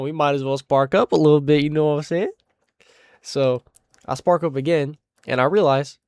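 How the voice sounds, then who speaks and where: A young man casually telling a story, animated and slangy, making sound effects and tripping over words. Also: mid-range voice, dry recording, clean studio sound.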